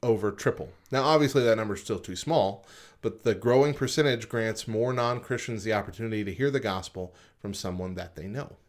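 On a laid-back podcast he co-hosts, a man with a somewhat low voice reads figures aloud from a list. He keeps stopping on "uh" before drifting into relaxed comments of his own.

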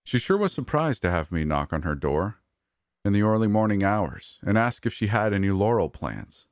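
Deep-voiced man narrating a story. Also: moderate pace, no room sound, studio quality. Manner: steady storytelling read. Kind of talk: scripted narration.

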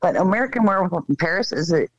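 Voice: mid-range voice, expressive, very fast, highs cut off, a loud crowd. A person in casual chat who keeps asking the others questions.

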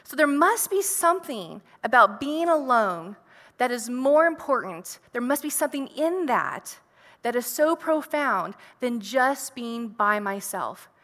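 A woman's voice: fairly high pitch, fairly bright tone, in a large hall. A woman preacher giving an earnest, reflective sermon, posing rhetorical questions to her listeners.

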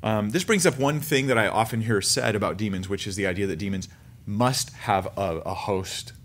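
A man preaching a sermon in a conversational teaching style, with animated asides. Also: fairly low pitch, moderate pace. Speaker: pastor.

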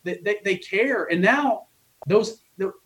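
A middle-aged man coaching college baseball speaks in a podcast interview with a voice a little higher than most men's. He tells stories earnestly and with feeling, stumbling over restarts and repeating words as he goes. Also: animated, takes it slowly, fairly bright tone. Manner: earnest, emotional storytelling with many restarts.

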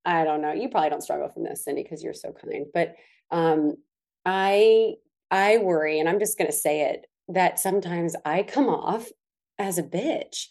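Lively, animated woman co-host. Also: on the low side, moderate pace. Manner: animated storytelling, laughs often, mimics others. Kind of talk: casual chat.

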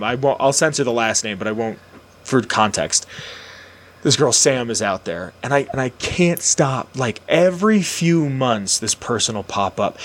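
Lively man telling a story. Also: medium pitch. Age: late 20s. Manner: animated, acts out quoted voices. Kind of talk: casual storytelling chat.

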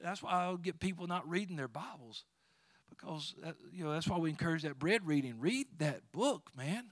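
A man preaching a sermon in a fairly high voice, quoting scripture with rising fervor. He breaks into chuckling asides between points. The sound is dry and close. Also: lively intonation, moderate pace, no echo. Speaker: pastor.

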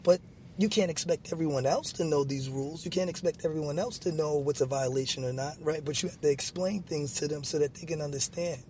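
A man's voice: a little high, a little fast, warm tone, slight background noise. A man talking as a guest in a casual conversation, earnest and patient, explaining things with lots of "you know.". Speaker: guest, basketball referee.

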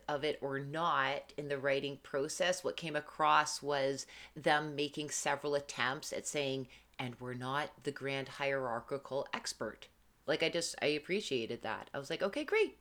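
A woman's voice: low-pitched, a bit bright. A woman speaking thoughtfully in casual book-club chat on a podcast.

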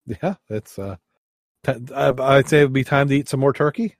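A man hosting a podcast in casual chat, talking in halting starts. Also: mid-range voice, no room sound, clean studio sound. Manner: halting, hesitant. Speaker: podcast host.

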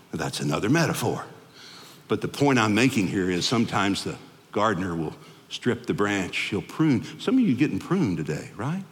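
A male pastor delivers a sermon in a church sanctuary, his voice carried by a long hall reverb. He speaks at a middling pitch but swings it high and loud, then drops low and soft, whenever he acts out the people in his stories. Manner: animated, acts out quoted people in shifting voices.

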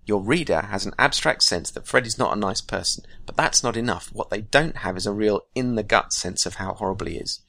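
A man hosting a writing podcast, explaining craft in a measured, scripted teaching monologue. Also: fairly low pitch, vocal fry, bright, forceful tone, no echo.

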